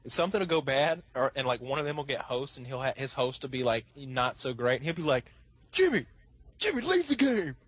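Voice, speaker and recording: A man's voice: mid-range voice, steady tone, fast, hardly any pauses, a bit bright, no echo. A young man telling a gaming story with friends, laughing as he goes. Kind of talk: casual group chat.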